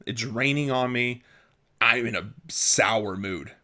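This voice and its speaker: A man's voice: mid-range voice, slow pace, sharp tone. A young man venting in a casual vlog, exasperated and self-mocking, often laughing at his own frustration. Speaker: vlogger.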